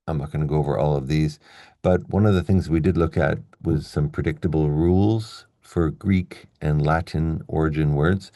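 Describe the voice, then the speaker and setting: A man teaching an online English pronunciation lesson, explaining clearly and slowing down to model the stressed words. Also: extremely low pitch, steady tone, mellow, no echo, studio quality.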